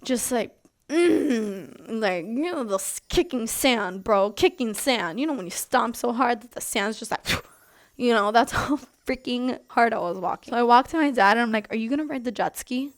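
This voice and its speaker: A young adult woman vlogger telling a story in a casual, animated, exasperated way. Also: a little high, normal speed.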